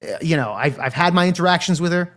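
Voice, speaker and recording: A man with a slightly high voice hosts a casual livestream. He rambles in a crude, profane way and keeps talking straight to the viewers in his chat. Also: expressive, fast talker, fairly bright tone. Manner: talks straight to live chat. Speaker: livestream commentary host.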